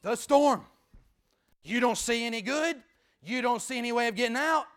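High-voiced preaching pastor man. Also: moderate pace, smooth. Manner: preaching with sudden swings from loud to hushed; repetitive, rhythmic emphasis. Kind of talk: sermon.

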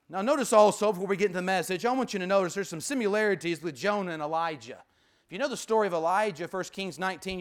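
A pastor preaches a sermon emphatically, repeating key phrases and sometimes dropping to a hushed voice. His voice sits high and sounds smooth.

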